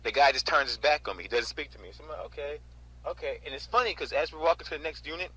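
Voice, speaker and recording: A man in his twenties from North Carolina casually recounting a storage auction in an animated way, often adding "right?" and "you know?". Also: fairly high pitch, fast talker, low-quality recording. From North Carolina, USA. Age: 20s. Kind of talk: casual storytelling vlog.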